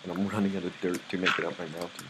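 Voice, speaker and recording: A man's voice: deep voice, level tone, very fast, heavy background noise. A young man commentating his own live gameplay, easily startled and muttering nervously to himself. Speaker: gamer playing live.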